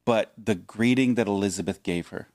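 A man co-hosting a podcast who reads Bible passages and talks them over in a measured, thoughtful way. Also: lowish voice, darkish tone, dry recording, studio quality. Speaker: podcast co-host. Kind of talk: Bible reading and casual discussion.

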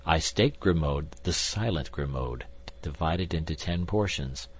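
Wry, unbothered musketeer, low and husky, as a male reader plays him. Audiobook reading. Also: a little slow, heavily acted. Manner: calm, drawling and wry. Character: coolly indifferent older male musketeer, wry gambler.

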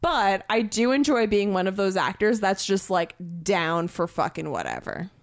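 A woman in her twenties, an actor, chatting casually with lots of swearing and big swings of pitch when she gets excited. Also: moderate pace. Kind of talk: casual chat.

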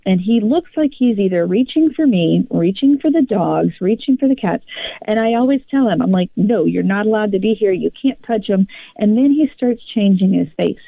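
Gravelly woman telling a story over a phone-like line. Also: mid-range voice, no echo. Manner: animated, rambling retelling with many restarts. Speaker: podcast co-host. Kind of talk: casual personal storytelling.

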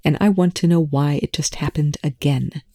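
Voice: mid-range voice, moderate pace, warm tone, no echo, studio quality, close to an everyday voice. A reader voicing a weary, defeated male military colonel in a fan fiction reading, tired and straining for patience. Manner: tired, tight, trying for patience.

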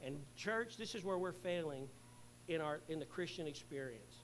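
A middle-aged male pastor preaching a sermon, earnestly, swelling loud and then dropping to a hush. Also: fairly high pitch, animated, normal speed, slight background noise, low-quality recording.

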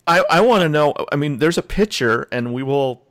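A man hosting a podcast interview, who laughs easily and asks relaxed follow-up questions. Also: on the high side, moderate pace. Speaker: podcast host. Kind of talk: casual interview.

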